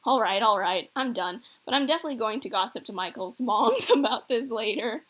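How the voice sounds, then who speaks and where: Girl reading out a corny middle-aged dad who won't stop teasing, kinda high voice. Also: lively intonation, a little fast, a bit bright. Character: teasing middle-aged single father, goofy.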